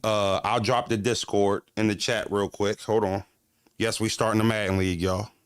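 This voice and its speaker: Animated streamer man, dry close mic. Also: fairly low pitch, moderate pace, clean tone, dry recording. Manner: animated, profane street slang, talks back to chat. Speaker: streamer reacting to chat. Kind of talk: casual livestream talk.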